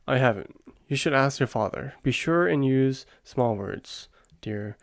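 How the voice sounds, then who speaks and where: A prim, dry-humored older queen, as a man whispers her in a role-play reading. Her lines are soft and wry, with a gravelly edge. The voice is close and dry on the mic. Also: medium pitch, lively intonation, a little slow, no echo.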